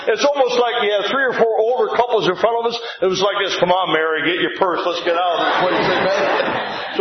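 An older man preaching a revival sermon, storytelling and asking the congregation "amen?", building to excited shouts as he retells. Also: fairly high pitch, slight background noise. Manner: call-and-response "amen?", rising to excited shouts when retelling. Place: church sanctuary. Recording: roomy dull church recording.

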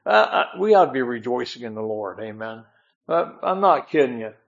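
A man's voice: medium pitch, lively intonation, brisk, creaky, muffled recording. A man preaching a folksy, emphatic sermon in a church, often repeating amen. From northern United States. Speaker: guest preacher.

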